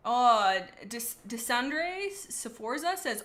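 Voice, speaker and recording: A woman streamer reading fanfiction aloud on a casual livestream, giggling and rambling through animated asides. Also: a little high, moderate pace.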